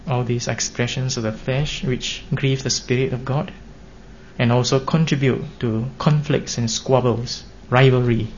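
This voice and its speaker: A man's voice: mid-range voice, fairly even intonation. Earnest male preacher, dull lo-fi recording. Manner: earnest, measured, with emphatic rises. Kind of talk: sermon. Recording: dull lo-fi recording with faint hiss.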